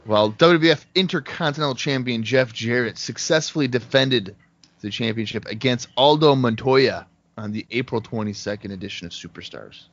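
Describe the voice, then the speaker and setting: A man co-hosting a casual podcast who reads off long lists of results in a dry, steady run, speaking over a remote call. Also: mid-range voice, normal speed. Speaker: podcast co-host. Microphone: remote call headset mic. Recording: dull lo-fi call audio.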